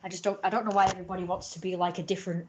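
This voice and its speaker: A woman's voice: on the low side, level tone, very fast, noisy background. An English woman from Britain ranting in a casual live stream from home, opinionated and indignant, swearing freely.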